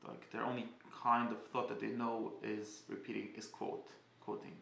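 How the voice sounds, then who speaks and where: A man giving a casual spoken class, halting and often restarting as he searches for words. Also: fairly low pitch, completely flat delivery, creaky, a bit bright, roomy sound. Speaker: teacher.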